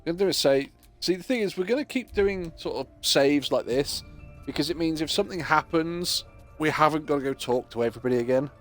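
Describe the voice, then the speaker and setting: Man, gaming streamer, casual joking stories, mimics voices, fairly high, lively pitch. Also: fairly quick, soft background music. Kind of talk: casual chat while playing.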